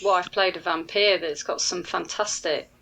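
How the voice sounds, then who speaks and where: A woman's voice: on the low side, fairly even intonation, normal speed, a bit bright, a little hiss or hum, low-quality recording. A woman, a podcast co-host, chatting casually and curiously.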